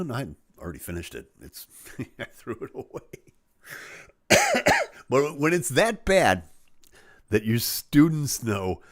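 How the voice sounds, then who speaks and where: Man hosting a live stream: jokey, animated, with a dry, close sound. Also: medium pitch, no room sound. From Chicago. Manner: animated, jokey, acts out voices. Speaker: host of a live show. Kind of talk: casual live-stream chat.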